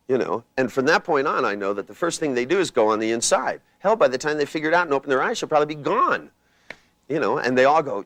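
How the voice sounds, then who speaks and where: Animated older man teaching a seminar. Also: medium pitch, brisk, no room sound. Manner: rambling, anecdotal, acts out people's voices. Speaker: seminar trainer.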